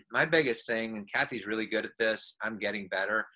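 A man's voice: fairly low pitch, animated, normal speed, creaky, bright, forceful tone, low-quality recording. A man co-hosting a podcast, giving reassuring parenting advice to a caller in a casual coaching manner. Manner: reassuring, coaching, speaks in restarts.

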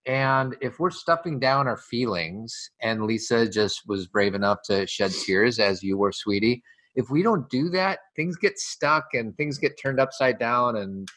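An easygoing man speaks in a relaxed, conversational way. His tone is affectionate and unhurried as he chats with his partner and a group. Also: mid-range voice. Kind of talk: casual conversational talk.

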